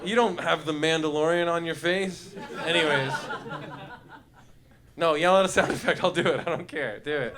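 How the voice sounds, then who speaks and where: A man's voice: fairly high pitch, fairly even intonation, moderate pace, pauses often, crowd noise. A man doing loose, profane stand-up comedy, riffing with the audience and making yelping sound effects. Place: comedy club stage with live audience.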